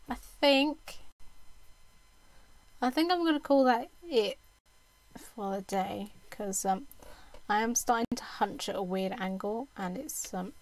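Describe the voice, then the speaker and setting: A young woman from the UK with a Southern English accent, chatting casually to her live-stream viewers and laughing often. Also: medium pitch. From United Kingdom. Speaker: game streamer.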